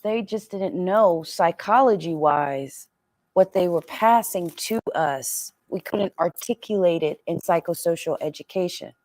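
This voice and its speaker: An animated woman leads a live community discussion, slipping into the voices of her parents as she tells stories. The sound is close and dry, with little room around it. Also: lowish voice, unhurried, no room sound. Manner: animated, acts out quoted parents. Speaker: community session leader.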